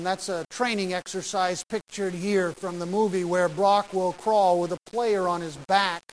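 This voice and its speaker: Pastor, exhorting sermon, punchy short phrases, faint hiss. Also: male voice, high-pitched, poor audio. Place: church sanctuary.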